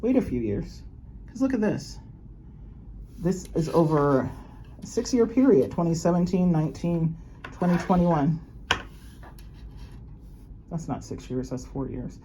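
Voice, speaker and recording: A woman's voice: low-pitched, lively intonation, a little slow, long pauses, warm tone, a little hiss or hum. A woman chatting casually and rambling as she shows off her new jewelry, laughing often. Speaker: luxury unboxing vlogger. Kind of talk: casual show-and-tell chat.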